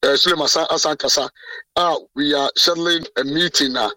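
A man's voice: a little high, steady tone, fast talker, bright, forceful tone, dry recording, recorded from a distance, rough recording. A man with a Ghanaian accent, president of a journalists' association, speaking emphatically in a radio interview with many restarts. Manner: code-switching, emphatic, frequent restarts.

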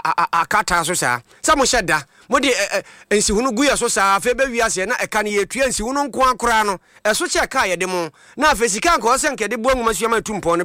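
Male news reporter, high bright voice, fast brisk read, dry studio sound. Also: no room sound. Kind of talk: news voice-over.

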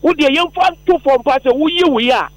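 A man's voice: extremely high pitch, a little fast, low-quality recording. A man from Ghana, a taxi driver calling a radio phone-in, arguing his point emphatically.

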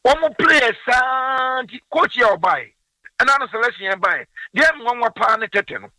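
A man's voice: very high voice, expressive, measured pace, sharp tone, dry recording, far from the mic. A man in his sixties with a Ghanaian accent, calling in to a sports radio show and speaking with passion, switching between languages. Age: 60s. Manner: impassioned, mixes languages. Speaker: caller.

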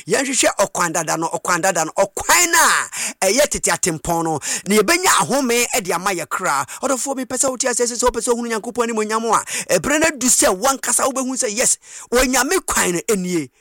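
High, fiery preacher. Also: male voice, animated, brisk, no room sound, clean studio sound. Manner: impassioned, switching between shouting and sing-song cadence. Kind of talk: sermon.

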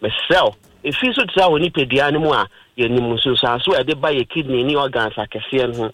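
A man's voice: mid-range voice, fast talker, a bit bright, dry recording, rough recording. A Ghanaian man hosting a radio health talk, explaining in plain terms and mixing in English words.

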